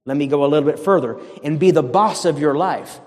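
Pastor from the area, male, high-pitched, fervent and chatty, heard with long reverb. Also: a little fast, a little mellow. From Boston area, USA. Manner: fervent, conversational preaching with repeated emphatic commands. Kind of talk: sermon.

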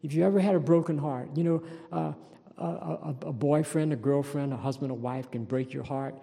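A man's voice: fairly high pitch, fairly even intonation, normal speed, creaky, mellow. A male pastor with a Louisiana accent, preaching a folksy, emphatic sermon with bursts of intensity on scripture. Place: church sanctuary. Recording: long reverb of a large hall.

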